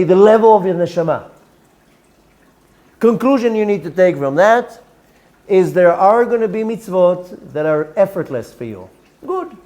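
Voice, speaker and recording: Male rabbi, high-pitched and mellow, earnest lecturing style that circles back on its words. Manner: earnest, repeats words, sprinkles Hebrew terms. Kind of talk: religious lecture.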